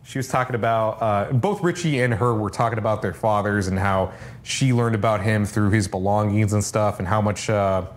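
A man's voice: on the low side, moderate pace. A man co-hosting a casual review podcast, recapping episodes in a rambling way with fillers and swearing. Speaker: podcast co-host.

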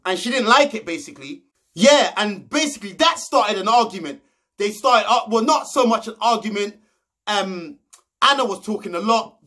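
Brash high-voiced man. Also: expressive, moderate pace, sharp tone. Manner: brash, slangy and swearing, heckling the contestants. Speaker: reality TV recap vlogger. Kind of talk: casual episode recap commentary.

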